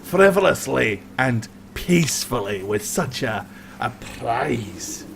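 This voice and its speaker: A man's voice: medium pitch, sing-song, slow, gravelly, fairly bright tone, slight background noise. A man running a tabletop game as game master, narrating playfully.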